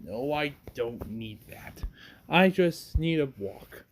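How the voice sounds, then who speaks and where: A man voicing a withdrawn young hero who answers in short, low replies. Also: expressive, takes it slowly, slight background noise. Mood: curt.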